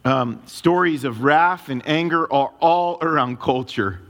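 A man preaching a sermon to a congregation in a church, emphatic, with dramatic swings of pitch and pace. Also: measured pace, fairly bright tone. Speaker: pastor. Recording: long reverb of a large hall.

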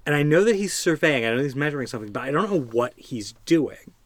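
A man co-hosting a podcast, telling a story in casual chat with halting restarts. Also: a little high, lively intonation. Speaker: podcast co-host.

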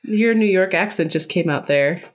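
A woman co-hosting a casual podcast, chatty and animated as she tells stories. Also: lowish voice, normal speed. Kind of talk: casual chat.

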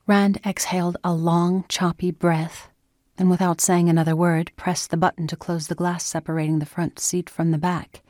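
A woman reading an audiobook in steady, scripted narration. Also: on the low side, normal speed, no echo, clean studio sound.

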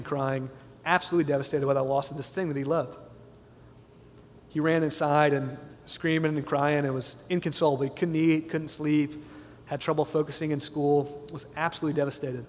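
A man preaching a sermon, telling a story in an earnest, slowly building way in a church. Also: a little high, darkish tone, a little hiss or hum. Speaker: pastor. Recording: long hall reverb, faint room ambience.

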